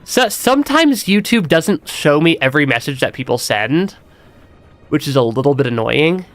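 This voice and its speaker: A man's voice: a little high, very animated, normal speed, fairly bright tone, dry recording, faint music behind. A man streaming a game with a stuffy nose, chatting casually, laughing often and restarting his sentences. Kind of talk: casual gameplay commentary.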